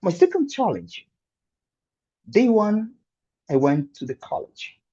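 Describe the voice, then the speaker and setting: A man in his thirties from Angola, giving a prepared humorous speech as an animated storyteller with dramatic pauses. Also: high voice, breathy edge, highs cut off. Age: 30s. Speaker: club speaker.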